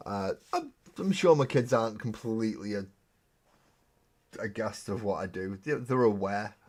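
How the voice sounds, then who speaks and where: A man's voice: fairly low pitch, expressive, moderate pace, a little mellow. A man hosting a live stream, chatting casually and rambling with self-mocking humor while painting miniatures.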